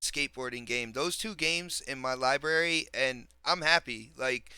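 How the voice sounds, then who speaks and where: A man hosting a casual gaming podcast, talking excitably in quick bursts with slang and frequent laughs. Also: mid-range voice, clean tone, no room sound. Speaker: podcast host.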